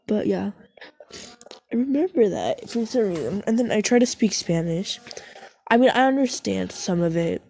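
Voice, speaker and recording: A woman's voice: mid-range voice, animated, normal speed, creaky, dark tone, a little hiss or hum. A woman chatting casually as she browses online, rambling, cursing freely and cutting herself off mid-thought. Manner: rambling, profane, self-interrupting, giggly. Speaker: vlogger. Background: faint music playing.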